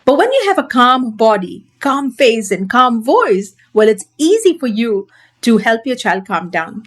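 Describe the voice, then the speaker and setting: Speaking directly to the camera, a woman who coaches parents drives home her main ideas by repeating them, her tone earnest and insistent and her voice a little high.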